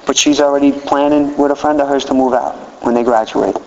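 A man's voice: medium pitch, brisk, a little hiss or hum. Earnest middle-aged man sharing at a recovery meeting. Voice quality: candid, earnest, plainspoken. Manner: animated, acts out quotes in a raised voice. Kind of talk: recovery share talk. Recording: roomy hall, dull lo-fi audio.

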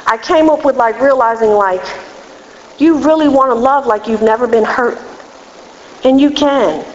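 A woman's voice: a little high, normal speed, darkish tone, slight background noise. A woman giving candid personal testimony as a speaker at a recovery meeting, talking in an earnest, frank, conversational way. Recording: dull, echoey hall recording.

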